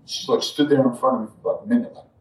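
A man telling a personal spiritual story to an audience in a reflective, halting way, with frequent asides. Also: medium pitch, fairly even intonation, darkish tone. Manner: reflective, halting, many asides like "you know" and "right". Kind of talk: live storytelling talk to an audience. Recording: roomy echo, distant mic.

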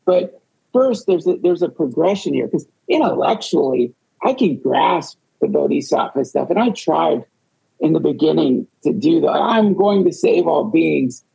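A man's voice: a little high, animated, moderate pace, vocal fry, warm tone, slightly rough, poor audio. A man on a retreat panel, talking in a rambling way with self-deprecating humor. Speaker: podcast host.

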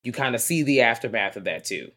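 A podcast co-host in a casual movie review chat, talking in an excitable, profane, rambling way. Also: mid-range voice, brisk.

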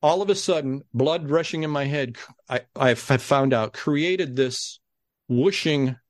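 A man who is a guest on a podcast, telling a story in a casual, animated way and acting out the people he quotes. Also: medium pitch, measured pace, dry recording, studio quality.

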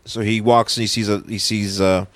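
A man's voice: fairly low pitch, little pitch movement, moderate pace, no room sound. A man co-hosting a podcast, recapping a comic in rambling casual chat that often restarts its sentences. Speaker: podcast co-host.

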